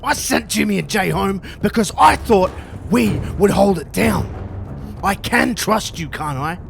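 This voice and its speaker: A man voicing a commanding male wrestling chief, speaking low, slow and stern. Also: expressive, gravelly, soft background music, full character voice.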